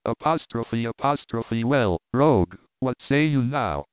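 A man's voice: mid-range voice, animated, a little slow, no echo, natural voice. A man reading a wrathful medieval king. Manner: stern, accusing. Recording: tinny narrow-band dry recording.

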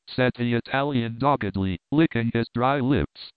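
A man narrating a historical novel as an audiobook, in a steady, dramatic reading. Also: medium pitch, normal speed, smooth, no room sound. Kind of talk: scripted narration. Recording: tinny narrow-band dry recording.

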